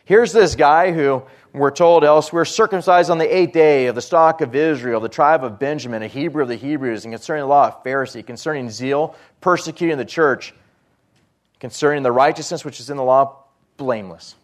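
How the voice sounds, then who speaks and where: A man preaching a sermon, reading scripture aloud and explaining it earnestly, rising for emphasis and dropping low at phrase ends. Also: a little fast. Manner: rises in pitch and volume for emphasis, drops low at phrase ends.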